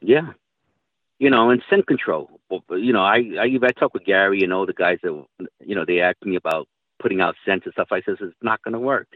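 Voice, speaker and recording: A middle-aged man with a low-pitched voice talks fairly quickly as a guest hunter, telling rambling hunting stories in casual conversation and swearing now and then. There's no room sound, and the audio is tinny, like a phone line.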